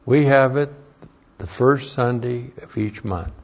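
A man teaching a Bible class as a pastor, deliberate and emphatic, pressing on key words in sermon style. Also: medium pitch, dull audio.

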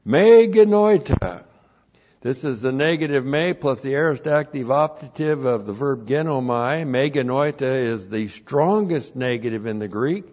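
A man teaching scripture in a sermon, emphatic and deliberate, laying out numbered points and repeating each one, on a dull lo-fi recording. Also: mid-range voice. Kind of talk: verse-by-verse Bible teaching sermon.

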